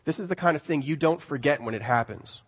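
Guy preaching, bit high voice, gets loud then quiet, church echo. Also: quick pace, slight background noise. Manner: animated, swings from loud to hushed. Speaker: pastor. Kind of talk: sermon. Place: church sanctuary. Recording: long reverb of a hall.

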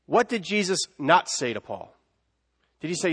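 Male preacher, high voice, dramatic delivery from loud to hushed, long hall echo. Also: very animated, moderate pace, long pauses, breathy edge. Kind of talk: sermon.

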